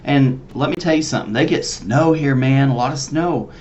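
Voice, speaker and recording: A man from Texas chatting casually as a reaction-video co-host, telling a story in a relaxed way and trailing off quietly at the ends of phrases. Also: medium pitch, normal speed, muffled recording, a little hiss or hum.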